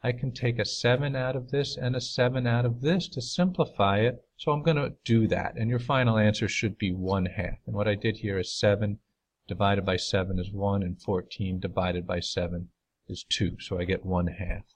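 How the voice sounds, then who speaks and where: A man with a Minnesota accent, a teacher giving an upbeat recorded math lesson with clear explanations. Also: lowish voice, fairly even intonation, normal speed. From New York.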